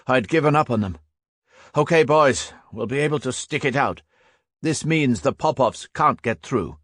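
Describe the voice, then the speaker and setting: A man voicing a hardened male veteran soldier who barks orders loudly in an audiobook. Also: mid-range voice, expressive, moderate pace, no echo, clean studio sound, voice pushed up. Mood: commanding.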